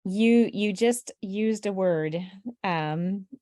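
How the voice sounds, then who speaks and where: A woman's voice: medium pitch, extremely slow, mellow, dry recording, clean studio sound. A woman hosting an interview, asking her guest thoughtful, hesitant questions full of fillers. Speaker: interview host.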